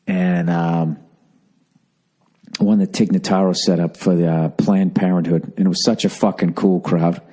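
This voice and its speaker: A man hosting a casual solo podcast from his home in the early morning, rambling and profane, keeping his voice hushed so he won't wake the house. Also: deep voice, breathy edge. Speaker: podcast host.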